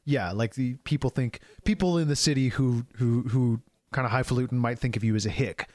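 A man's voice: mid-range voice, a little fast, darkish tone, no echo. Brief: man co-host, casual recap chat, hesitant restarts, dry mic. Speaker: podcast co-host.

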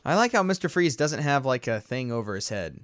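A relaxed man co-hosting a podcast, his voice smooth and clear. He chats loosely over a movie, chuckling and drifting into fillers. The sound is close and dry, with no room around it. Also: medium pitch, brisk, no echo. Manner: laid-back, chuckling, trailing off with fillers. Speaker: podcast co-host. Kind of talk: casual movie commentary chat.

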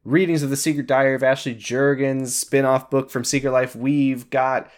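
A man's voice: medium pitch, little pitch movement, normal speed. A man co-hosting a comedy podcast, reading plugs and thank-yous with frequent laughs and swearing. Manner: laughing, profane, reads credits and shout-outs. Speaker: podcast co-host. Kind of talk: casual podcast chat.

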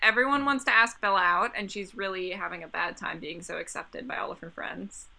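Bright, animated woman recapping a movie. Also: on the low side, a little fast, creaky. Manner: sarcastic, animated retelling with quoted voices. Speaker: podcast co-host. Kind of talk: casual movie recap chat.

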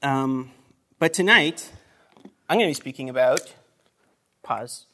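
A man's voice: mid-range voice, takes it slowly, pushed and bright, slight background noise. Chatty man preaching a casual sermon. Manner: conversational, chatty asides, laughs between phrases; frequent fillers and restarts.

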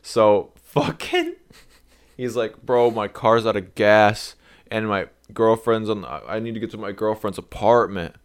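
Young man, lowish voice, casual storyteller, slangy, acts out dialogue. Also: measured pace. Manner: rambling, animated retelling with acted-out quotes; swearing, slangy. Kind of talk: casual chat.

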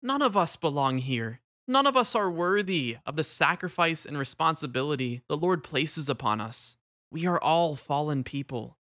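A man voicing a devout, forgiving friar, speaking in a calm and earnest way. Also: a little high, normal speed, no room sound, studio quality. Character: gentle older male friar, forgiving and devout.

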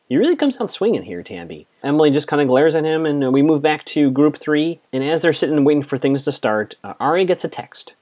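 A man casually recapping a TV episode, chatty and quick to quote the characters. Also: mid-range voice, big pitch swings, a little mellow. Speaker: TV recap host.

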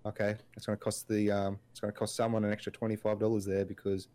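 A man's voice: fairly low pitch, completely flat delivery, fast talker, dark tone, dry recording. A man co-hosting a casual podcast, rambling through his points with lots of filler words and restarts. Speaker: podcast co-host. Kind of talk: casual chat.

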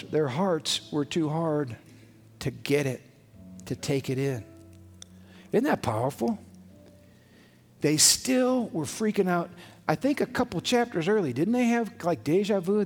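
High-voiced emphatic male pastor preaching. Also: a little mellow. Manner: emphatic, conversational, rhetorical questions. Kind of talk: sermon. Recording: long hall reverb, faint music behind.

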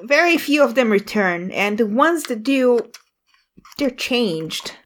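A woman voicing a cautious middle-aged fisherman father steering a boat, speaking hesitantly with many pauses. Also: very high voice, expressive, a bit bright, exaggerated voice. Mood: cautionary. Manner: hesitant, full of pauses, warning tone.

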